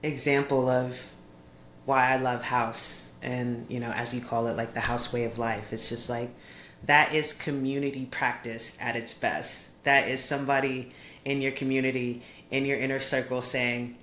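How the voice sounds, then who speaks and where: A man's voice: medium pitch, little pitch movement, normal speed, fairly bright tone, roomy sound, slight background noise. A man hosting a radio interview, asking questions eagerly and reacting with enthusiasm. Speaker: radio show host.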